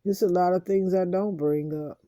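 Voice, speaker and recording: Woman vlogger, emotional monologue, aggrieved and repetitive, dark warm voice, dead-dry sound. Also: on the low side, fairly even intonation, no echo. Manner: aggrieved, repeats phrases over and over; slow, heavy pauses.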